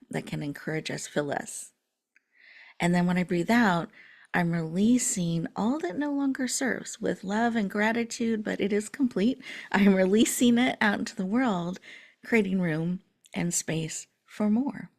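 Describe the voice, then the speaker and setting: A woman hosting an online summit, guiding a breathing meditation in a soothing, slow manner that often drops to a near-whisper. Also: lowish voice, vocal fry. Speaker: summit host.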